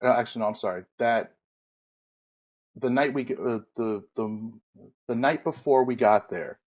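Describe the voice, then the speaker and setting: A man's voice: medium pitch, normal speed, darkish tone, lo-fi sound. A man guest on a podcast, casually telling a long anecdote, correcting himself and acting out the quoted voices. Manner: rambling, self-correcting, acts out quoted dialogue. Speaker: podcast guest, former wrestler. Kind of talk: casual storytelling interview.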